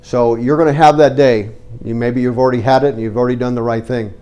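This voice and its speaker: A man's voice: mid-range voice, fairly even intonation, quick pace, dark tone, muffled recording. Earnest middle-aged man with a cold. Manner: conversational, earnest, direct storyteller. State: has a cold. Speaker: real estate investor giving a talk. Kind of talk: storytelling talk to a live audience.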